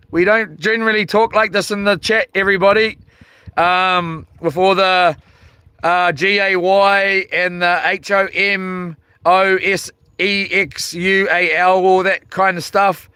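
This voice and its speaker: A man's voice: high voice, sharp tone, smooth, no room sound. A man hosting a casual live stream outdoors by the sea at night, rambling and hesitant with many ums. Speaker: channel host live-streaming.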